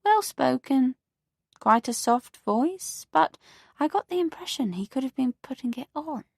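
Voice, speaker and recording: A woman's voice: high-pitched, lively intonation, measured pace, creaky, slightly rough, dry recording, clean studio sound, voice pushed up, full character voice. A woman putting on a prim, fussy old neighbour lady. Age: older. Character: prim elderly woman neighbour, gossipy and proud.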